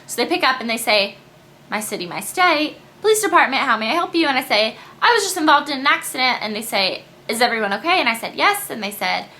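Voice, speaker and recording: Young female vlogger, high crisp voice, casual storytelling to camera, lively asides. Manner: chatty and animated, quick asides and quoted voices. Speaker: beauty vlogger.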